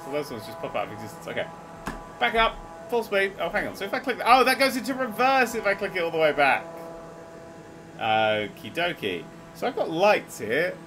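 A man giving excitable, sweary, laughing running commentary while playing a game. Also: high voice, brisk, music in the background, low-quality recording. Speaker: gaming video host. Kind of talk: casual let's-play commentary.

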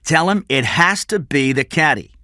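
A man's voice: a little high, expressive, moderate pace, bright, forceful tone, dry recording, clean studio sound, voice pushed up. A man reading aloud and voicing a hard-nosed male kidnapper who gives orders in a bossy, sarcastic way. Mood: commanding.

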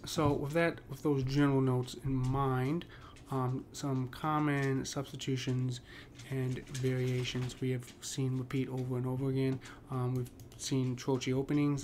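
Flat-voiced man teaching poetic meter. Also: medium pitch, a little hiss or hum. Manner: halting, many ums and restarts. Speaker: poetry teacher. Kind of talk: casual explanatory lesson.

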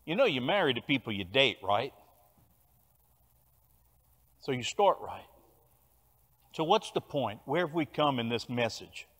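An older man with a Cajun Louisiana accent preaching a sermon, telling stories with animated bursts of loud emphasis. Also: medium pitch, measured pace, long pauses. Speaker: pastor. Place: large church sanctuary. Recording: long church hall reverb.

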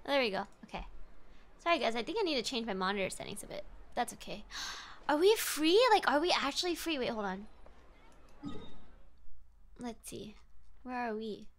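A woman's voice: fairly high pitch, expressive, moderate pace, pauses often, a bit bright. A woman streamer commenting on a game playthrough, reacting emotionally with gasps and chatty asides to her chat.

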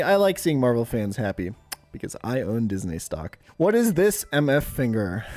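A young man from Germany with a German accent, reacting to memes in a sarcastic, profane, animated way as a streamer. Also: medium pitch. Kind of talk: casual meme reaction commentary.

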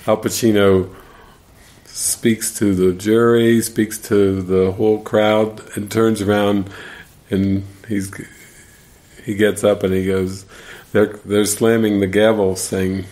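Low-voiced man telling stories with laughter. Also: takes it slowly. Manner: animated storyteller, laughs while retelling. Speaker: spiritual teacher. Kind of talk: casual spiritual commentary.

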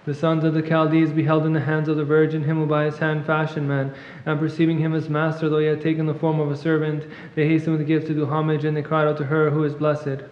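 Male reader, rapid monotone liturgical recitation; muffled, long church reverb. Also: fairly high pitch. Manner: fast monotone recitation, clears throat at times. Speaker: reader at a monastery service. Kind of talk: rapid liturgical chant reading.

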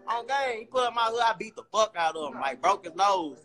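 A man in his twenties, a rapper guest telling stories in a casual interview, animated and boastful, full of profane street slang. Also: very high voice, a little fast, hardly any pauses, faint music behind.

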